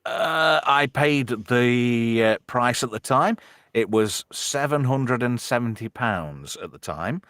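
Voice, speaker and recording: Rambling tipsy man with lively pitch. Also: slow, clean tone, no echo, clean studio sound. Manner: rambling, swears freely, tipsy. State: slightly drunk. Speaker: show host reading chat. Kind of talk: casual chat.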